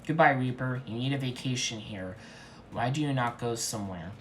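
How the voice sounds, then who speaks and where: A man puts on a swaggering macho cat hero who booms every line with mock-heroic seriousness. The voice sits at a middle pitch with a faint hiss of noise under it, like a comedic dramatic reading of a fan story. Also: normal speed, fairly bright tone, natural voice. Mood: boastful.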